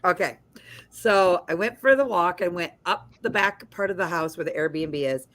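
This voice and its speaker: A woman hosting a casual livestream chat, telling a story in a lively way over a video call. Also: fairly low pitch, normal speed. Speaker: host.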